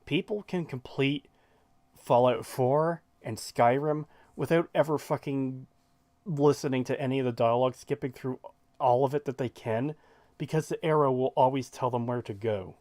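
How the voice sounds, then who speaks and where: A man's voice: medium pitch, normal speed, darkish tone, dry recording. A man hosting a reaction stream, ranting in a heated, profane way. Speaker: stream host.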